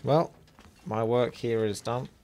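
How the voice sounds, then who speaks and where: A man's voice: mid-range voice, takes it slowly, a little mellow. A man streaming a game live, chatting casually with rambling asides and a slight sore throat. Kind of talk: live gameplay commentary.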